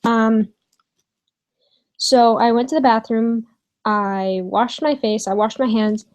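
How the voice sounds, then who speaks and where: A young woman telling a storytime vlog from her bedroom, hesitant with many pauses and fillers, swearing casually. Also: a little high, steady tone, darkish tone, low-quality recording. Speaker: vlogger.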